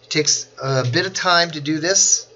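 Slow, methodical male tutorial instructor. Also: fairly high pitch, bright, forceful tone, highs cut off, a little hiss or hum. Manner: slow, step-by-step, talking through clicks. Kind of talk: screen-recorded software tutorial.

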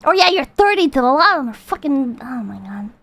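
Woman streamer, very high voice, profane and ranting, dry close sound. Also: sing-song, a little fast, vocal fry, fairly bright tone, no echo. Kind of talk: casual livestream reaction and chat reading.

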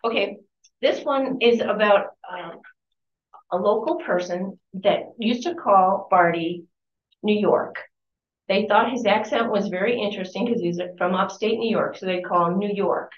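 A woman's voice: medium pitch, unhurried. A woman giving a book talk at a library, reading aloud from a memoir with chatty asides and correcting herself as she goes. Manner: conversational, corrects herself mid-sentence. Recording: distant, roomy and dull-sounding.

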